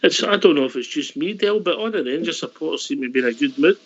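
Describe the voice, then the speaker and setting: A man hosting a call-in radio show, brisk and matey as he steers the talk. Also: a little high, expressive. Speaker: host. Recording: slightly dull lo-fi audio.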